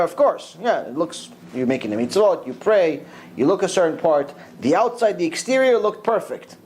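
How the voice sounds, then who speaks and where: A middle-aged man, a rabbi, giving a Torah lecture and retelling a story with animated delivery, dropping Hebrew religious terms. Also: a little high, slight background noise, rough recording.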